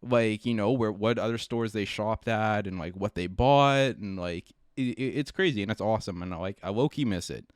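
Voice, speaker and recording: Smooth-voiced man, laid-back podcast chat. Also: lowish voice, normal speed, hardly any pauses, dry recording, studio quality. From Canada. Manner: laid-back, swears casually, trails off and laughs mid-sentence. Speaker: podcast co-host. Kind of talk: casual chat.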